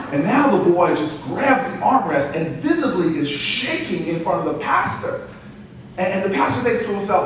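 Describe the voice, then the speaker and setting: A man's voice: high voice, sing-song, normal speed, slight background noise. Storytelling man in an echoey hall. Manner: humorous storyteller, building to loud climaxes. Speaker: political speaker. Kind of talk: storytelling speech at a podium. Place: large event hall. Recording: echoey hall taped from far off.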